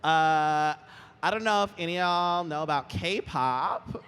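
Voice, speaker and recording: A man's voice: on the high side, unhurried, crowd noise, background noise. Giggly young man in an echoey hall. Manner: animated, giggly, lively storytelling. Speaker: interview guest. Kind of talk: casual chat on stage. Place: convention stage. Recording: roomy hall with faint ambience.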